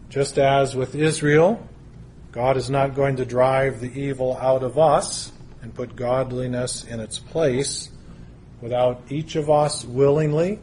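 Slow, deliberate male preacher. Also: medium pitch, a little mellow, slight background noise. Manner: slow, deliberate, emphatic build-ups. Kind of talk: sermon.

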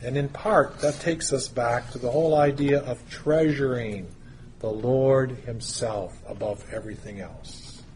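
A man preaching a sermon, teaching through a Bible passage in a measured way with pauses and stressed words. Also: medium pitch, a little mellow, slight background noise.

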